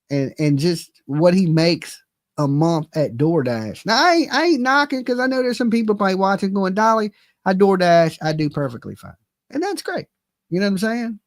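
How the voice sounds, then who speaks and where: A man's voice: fairly high pitch, no room sound, clean studio sound. A man giving casual, profane reaction commentary, mocking his subject and laughing often. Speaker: commentary streamer.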